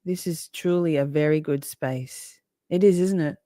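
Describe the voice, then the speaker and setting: A woman's voice: deep voice, unhurried, mellow, no echo, studio quality. A woman hosting a live stream, reading chat aloud and talking back in a casual, emotional, sweary way. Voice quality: swears freely, emotional and chatty. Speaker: livestream host reading chat.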